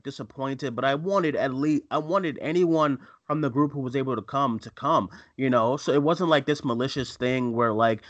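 A man of middle pitch co-hosts a casual live film chat show, wandering through his points with plenty of ums and restarts. His voice comes across dry and a little dull, as on a lo-fi stream. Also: a bit bright, no echo. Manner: rambling, many fillers and restarts. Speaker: podcast co-host.

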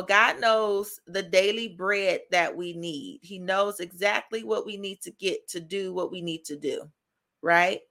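A woman's voice: mid-range voice, fairly bright tone. A woman hosting a faith podcast, giving an encouraging devotional talk in a chatty style, laughing often and asking "right?".

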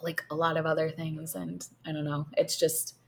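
A woman in her thirties co-hosting a podcast in casual chat, a lively storyteller who laughs often. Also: deep voice, moderate pace, gravelly. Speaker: podcast co-host.

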